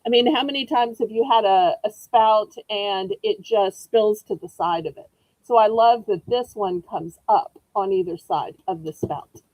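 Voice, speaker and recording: A high-voiced woman with a Southern accent runs a live online auction, her pitch rising and falling a lot as she talks. She takes her time in a friendly, folksy way and speaks close to the mic with little room sound. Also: darkish tone, no room sound, poor audio. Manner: chatty, folksy, greets viewers by name. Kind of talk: live-stream auction selling.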